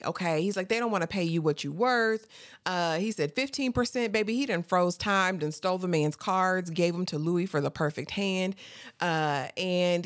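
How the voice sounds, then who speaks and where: A woman giving a chatty, animated TV episode recap, laughing often and calling the listener honey. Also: lowish voice, no echo, studio quality. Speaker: TV recap host.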